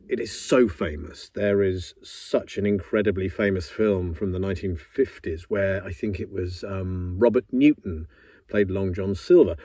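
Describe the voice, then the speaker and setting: Casting: middle-aged male narrator, dark mellow tone, thoughtful and earnest, dry studio mic. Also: husky, no room sound. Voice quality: low voice. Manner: reflective, earnest, musing with pauses. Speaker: audiobook narrator. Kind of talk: casual behind-the-scenes talk. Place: professional home studio. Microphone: studio microphone.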